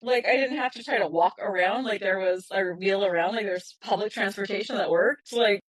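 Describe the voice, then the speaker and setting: A woman from California with a Bay Area accent, hosting a casual podcast chat in an animated, emphatic way. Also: medium pitch, fairly quick, dry recording, rough recording. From California, USA. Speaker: podcast host.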